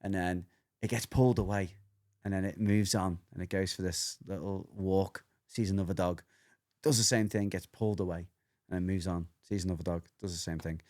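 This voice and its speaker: A man co-hosting a casual podcast chat, explaining dog behaviour as an animated storyteller who acts out voices and swears freely. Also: low-pitched, brisk.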